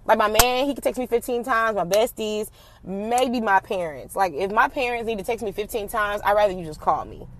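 A young adult woman telling a personal story in casual, slangy talk, animated and swearing freely. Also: mid-range voice, fairly quick, noisy background.

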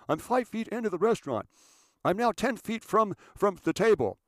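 A man's voice: sits high, big pitch swings, normal speed, dry recording, clean studio sound, pitched above the performer's own voice. Man putting on a fussy phone-yakking assistant. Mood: self-important. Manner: breathless play-by-play, fussy. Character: self-important male assistant narrating into a cell phone.

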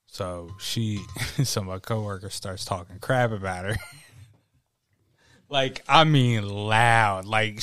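A man's voice: lowish voice, bright, forceful tone, dry recording. A man in casual podcast chat, telling a work story with lots of swearing, laughter and acted-out quotes. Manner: profane, laughing storyteller who acts out quotes. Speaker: podcast guest.

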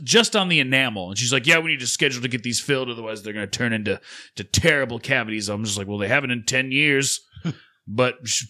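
A man in his thirties with a bright, forceful voice, chatting casually as a podcast co-host. He rambles through a story, swearing freely and acting out the other people in it. His pitch sits in an ordinary middle range. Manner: rambling profane storytelling, acts out others' lines. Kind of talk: casual chat.

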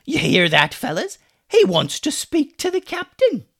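A man voicing a brash, swaggering female pirate who yells and taunts, read aloud from a storybook. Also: very high voice, huge pitch swings, a little slow, no room sound, clean studio sound, pitched above the performer's own voice, exaggerated voice. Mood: taunting. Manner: taunting, loud yelling.

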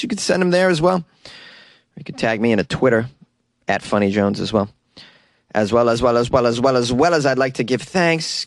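Speaking in a medium pitch, a young Boston-accented man chats alone on his podcast from a tiny closet studio. He cracks jokes at his own expense and laughs a lot. The recording is dry.

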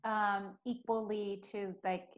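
A woman from Peru, a native Spanish speaker, hosts a conversational interview. Her voice is at a medium pitch, and she talks reflectively, pausing often on "um" and "uh.". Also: level tone, dull audio. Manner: reflective, with frequent "um" and "uh".

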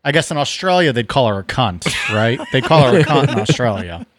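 Animated, joking man cracking crude jokes. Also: medium pitch, a little fast, no echo. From United States. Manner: profane, joking, animated reactions. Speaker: podcast co-host. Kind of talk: casual chat.

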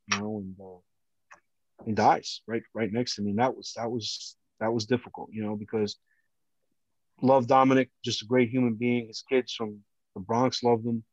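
A man, a former police officer and podcast guest, earnestly recounts a harrowing personal story, often halting and restarting. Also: on the low side, steady tone, no echo. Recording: dull lo-fi dry sound.

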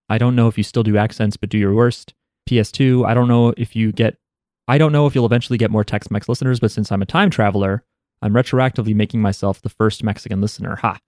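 A man's voice: medium pitch, a little mellow, no room sound, studio quality. A young adult man co-hosting a podcast, reading listener mail and riffing with playful, jokey asides. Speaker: podcast co-host. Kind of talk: casual chat, reading listener emails.

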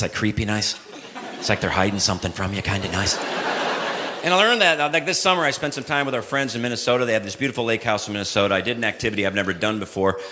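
A man performing stand-up comedy, telling a story in an animated, exaggerated and self-mocking way. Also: on the low side. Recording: live venue with laughing audience and noise.

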